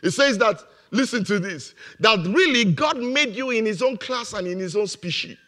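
A man's voice: high-pitched, expressive, moderate pace, sharp tone. A man preaching a motivational sermon, emphatic and repeating his key phrases, laughing now and then at his own jokes.

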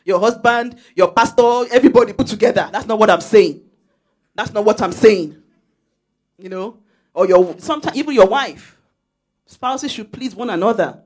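A woman from Nigeria with a Nigerian accent, preaching a lively sermon in church and telling stories with frequent laughter. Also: mid-range voice, moderate pace. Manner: lively, storytelling, laughs often, emphatic exhortation. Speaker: church speaker.

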